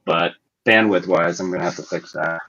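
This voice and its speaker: A man with a very deep voice joins as a guest and speaks haltingly and plainly. He comes through a cheap, muffled camera mic. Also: bright, forceful tone. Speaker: podcast guest. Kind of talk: casual chat. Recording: dull lo-fi webcam mic.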